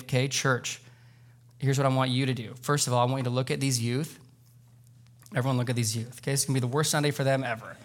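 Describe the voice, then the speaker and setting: A pastor with a mid-range voice delivers a sermon to his congregation in a church sanctuary. He speaks conversationally and earnestly, at times building to loud, emotional peaks.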